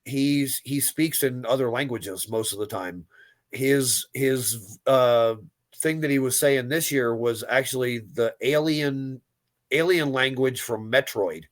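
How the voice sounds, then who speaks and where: A man's voice: mid-range voice, slow pace, no room sound. A man co-hosting a podcast, joking and laughing in casual chat.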